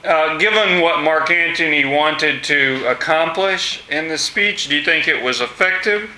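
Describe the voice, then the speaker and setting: Slow, bright-voiced male teacher. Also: on the high side, slight background noise. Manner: asks questions, many fillers and pauses. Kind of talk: classroom discussion lesson. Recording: echoey room.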